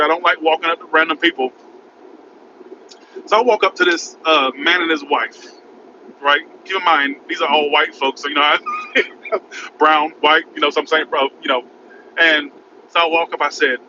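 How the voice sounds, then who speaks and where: Man, casual vlog story, rambling and frantic, fairly high voice, muffled sound, road noise behind. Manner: rambling, frantic, repeats "oh my God". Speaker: vlogger. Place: in his car by a highway.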